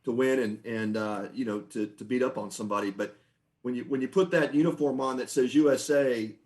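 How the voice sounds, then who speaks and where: A middle-aged man, a former baseball pitcher, telling stories on a podcast in a relaxed, chatty way. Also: fairly quick. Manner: relaxed, anecdotal, frequent restarts and laughs. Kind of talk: conversational storytelling.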